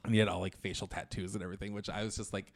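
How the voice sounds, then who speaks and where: A man's voice: low voice, racing. A middle-aged man co-hosting a podcast, telling a story in casual chat, acting out quotes and filling his talk with "like". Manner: animated, acts out quotes, many filler "like"s.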